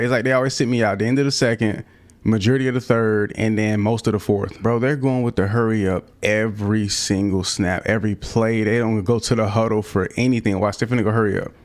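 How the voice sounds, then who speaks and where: A young man with a fairly low voice talks through his football video game in loose, slangy play-by-play. He sounds a little out of breath at times and breaks into loud, high outbursts when a play goes wrong. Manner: casual slang-heavy play-by-play, frequent excited outbursts. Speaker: gaming YouTuber. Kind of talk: live gameplay commentary.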